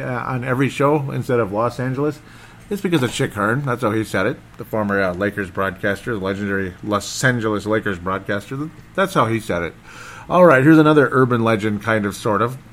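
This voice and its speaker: A man hosting a casual solo football recap, rambling and excitable and often losing his train of thought. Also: mid-range voice, fast talker, a little hiss or hum. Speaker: sports podcast host.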